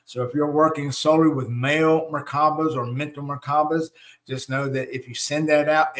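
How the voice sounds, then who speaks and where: A man leading a spiritual ceremony, explaining slides and then guiding a breathing meditation with calm, gentle instructions and frequent check-ins. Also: medium pitch.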